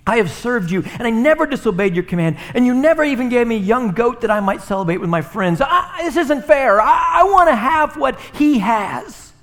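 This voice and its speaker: A man's voice: very high-pitched, very animated, brisk, few pauses, a bit bright, long reverb tail, pitched above the performer's own voice, full character voice. A man voicing an angry, resentful older brother who whines about unfairness. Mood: indignant. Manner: indignant, whining complaint.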